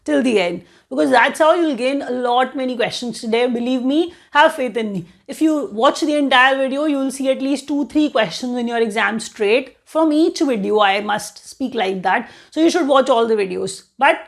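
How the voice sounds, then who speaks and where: A woman's voice: high-pitched, normal speed, vocal fry, hardly any pauses. A woman with an Indian English accent teaching an exam-prep current affairs lesson in a chatty way, often saying "you know".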